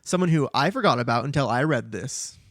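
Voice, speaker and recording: A man co-hosting a casual podcast, animatedly recapping a book chapter and slipping into quick character voices between laughs. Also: mid-range voice, expressive, a bit bright, no room sound, clean studio sound. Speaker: podcast co-host.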